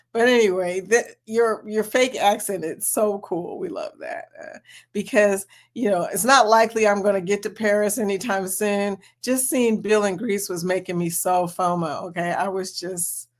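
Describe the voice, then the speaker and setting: A woman's voice: mid-range voice, fairly even intonation, normal speed. A woman hosting a casual live stream, bubbly and laughing often as she greets chat members one by one.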